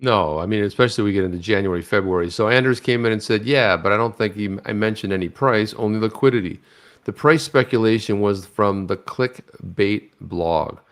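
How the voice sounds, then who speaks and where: A man co-hosting a casual livestream chat, animated, telling stories and reading tweets aloud. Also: fairly low pitch, a little fast. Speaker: co-host of a crypto news livestream.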